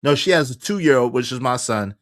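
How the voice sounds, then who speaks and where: A man's voice: medium pitch, a little fast, dry recording, clean studio sound. A man, casually telling a personal story and acting out what others said, with many restarts. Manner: animated, acts out quoted dialogue, frequent restarts.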